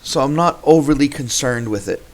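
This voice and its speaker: A man commentating his own card-game match in a relaxed, unhurried way, pausing and restarting as he thinks through each move. His voice sits at an ordinary middle pitch, and he sounds like a channel host talking straight to his viewers. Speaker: gameplay video host. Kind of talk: casual gameplay commentary.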